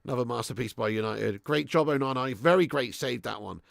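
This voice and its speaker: A man's voice: medium pitch, a little fast, vocal fry, no echo, studio quality. A young man hosting a live football watch-along, commenting on the match, reading out viewers' messages and swearing freely. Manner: excitable, swears, reads viewer messages aloud.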